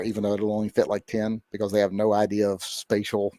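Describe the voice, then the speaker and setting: A man's voice: on the low side, completely flat delivery, fast talker, mellow, no room sound, studio quality. A man hosting a casual livestream, reading viewer messages and joking around with lots of filler words. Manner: joking, rambling with many fillers. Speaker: livestream host. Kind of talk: casual livestream chat reading super chats.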